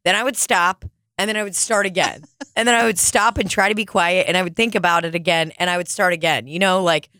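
A woman's voice: on the low side, fairly even intonation, fast, sharp tone, no echo, studio quality. A woman co-hosting a casual chat, crude and laughing often, acting out silly voices mid-story.

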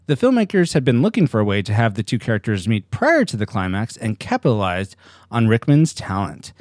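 A man hosting a casual podcast chat, lively and joking, often laughing. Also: on the low side, fairly quick, dry recording, studio quality. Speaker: podcast host.

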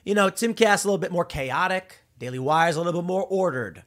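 A man from Chicago delivers an unscripted political monologue with a slightly high voice. His pitch swings widely as he rambles, restarting and repeating words as he goes. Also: animated, brisk, a bit bright, soft background music. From Chicago, USA. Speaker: political commentary host.

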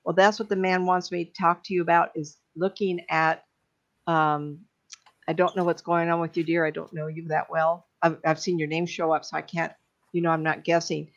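A middle-aged woman, a psychic medium, giving readings on a live stream in an emotional, chatty way with many fillers and pauses. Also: fairly low pitch, level tone. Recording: dull lo-fi stream audio.

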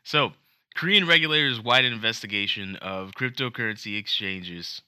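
Male podcast co-host, jokey and self-deprecating, low forceful voice, dry close mic. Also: normal speed, smooth, no echo. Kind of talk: casual chat and reading news aloud.

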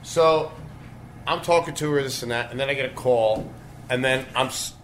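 Man, mid-pitch, brash and profane, tells bragging stories on a podcast. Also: moderate pace, a little hiss or hum. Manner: crude, swearing, boastful storytelling. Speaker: storytelling co-host. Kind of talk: casual podcast chat.

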